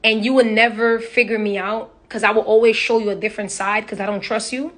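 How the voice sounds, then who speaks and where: Young woman on a live, high bright voice, real blunt, talking straight into the phone. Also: fairly even intonation, fairly quick. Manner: blunt, profane, chatty. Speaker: social media personality. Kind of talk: casual livestream chat. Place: indoors, on a live stream.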